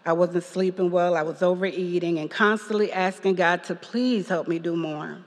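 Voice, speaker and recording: A woman's voice: on the low side, steady tone, normal speed, big-room sound. A woman giving a personal testimony at a church service, telling a story with quoted voices and laughter. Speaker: parishioner giving a reflection.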